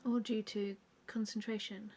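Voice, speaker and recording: An artist hosting a live stream, a woman, chats casually while drawing and answers viewer questions in a relaxed, rambling way packed with fillers. Her voice is medium-pitched and slightly rough, at a measured pace.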